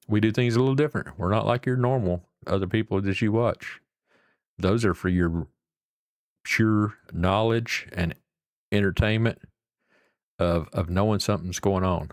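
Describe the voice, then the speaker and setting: A man's voice: lowish voice, dry recording, studio quality. A middle-aged man, chatting casually and rambling to his livestream viewers. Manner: rambling, folksy, swears casually. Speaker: livestream host.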